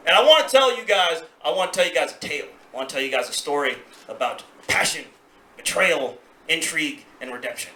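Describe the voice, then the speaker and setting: A man telling a stand-up story in a club, his voice high, bright and sharp. He swings widely in pitch as he acts out scenes, and the live room gives a roomy echo with the audience's laughter behind him. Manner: animated, acts out voices, laughs along with crowd. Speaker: stand-up comedian. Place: comedy club stage.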